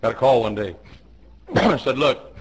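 A man in his fifties preaching a fiery sermon in a church, swinging from hushed low tones to shouted commands he hammers home again and again. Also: sing-song, a little slow, slightly rough, low-quality recording. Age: 50s. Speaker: pastor. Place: church auditorium.

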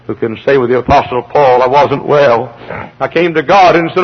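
A man pastor preaching a fiery sermon. He swings from shouted peaks to hushed, slow pleas. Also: medium pitch, breathy edge. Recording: dull lo-fi archival sermon tape.

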